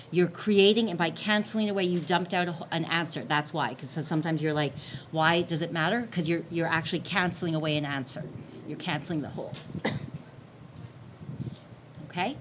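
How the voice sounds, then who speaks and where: A woman's voice: on the low side, a bit bright. Emphatic woman teaching math, lo-fi. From Canada. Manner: emphatic, repetitive, playful warnings. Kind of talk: recorded classroom math lesson. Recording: dull lo-fi sound with faint hiss.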